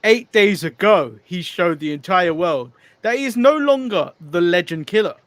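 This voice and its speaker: A man's voice: high-pitched, very animated, normal speed, no room sound. Giggly male co-host. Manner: giggly, recaps events in long run-on sentences. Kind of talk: casual podcast recap.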